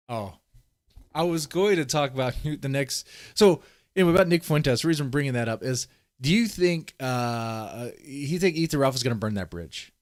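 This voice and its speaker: A man's voice: medium pitch, animated, moderate pace, dry recording. Guy ranting in a commentary stream, swears a lot, keeps restarting, dry sound. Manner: rambling, profane, many restarts. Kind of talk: casual commentary.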